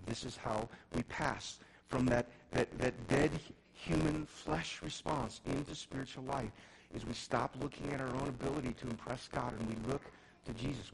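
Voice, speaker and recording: A middle-aged man preaching a sermon as pastor, often restarting words and swinging between loud emphasis and quiet intensity. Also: mid-range voice, poor audio. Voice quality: gravelly.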